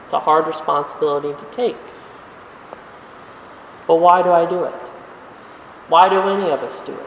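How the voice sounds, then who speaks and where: A preacher delivering a sermon in a relaxed, conversational way, posing questions to the congregation and stretching out key words. The voice sits at a middle pitch and is picked up from some distance in a large church, with a long, roomy reverb. A faint background hum lingers under the speech. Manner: conversational, with rhetorical questions and slowed emphasis. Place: church sanctuary. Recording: echoey hall, voice from afar.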